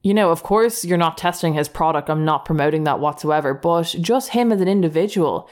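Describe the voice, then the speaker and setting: A woman's voice: low voice, brisk, darkish tone. A young woman in her twenties telling rambling, self-mocking dating stories as a podcast host. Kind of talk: casual storytelling monologue.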